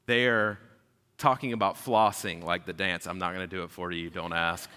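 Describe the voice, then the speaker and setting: A man, preaching a sermon in a casual, animated storytelling way. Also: sits low, moderate pace, clean tone. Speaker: pastor. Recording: long hall reverb.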